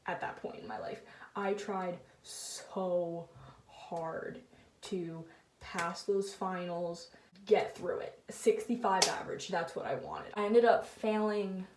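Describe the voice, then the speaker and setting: A woman's voice: medium pitch, a little mellow. A teenage girl vlogging, candidly retelling a painful personal story with emotion. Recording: roomy sound, mic at a distance.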